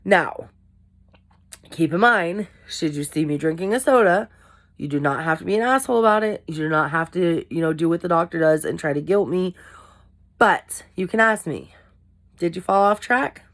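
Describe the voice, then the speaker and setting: A young woman with a low voice talks candidly to her camera. She rambles, corrects herself and pokes fun at her own failings in a loose, chatty vlog style. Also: lively intonation, moderate pace. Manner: candid, rambling, self-deprecating. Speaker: vlogger. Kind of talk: casual talk to camera.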